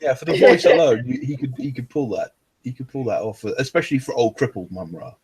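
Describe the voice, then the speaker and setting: A man's voice: mid-range voice, expressive, brisk, a crowd in the background. A man co-hosting a casual podcast chat, telling jokey anecdotes. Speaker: podcast co-host. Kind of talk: casual chat on a live stream.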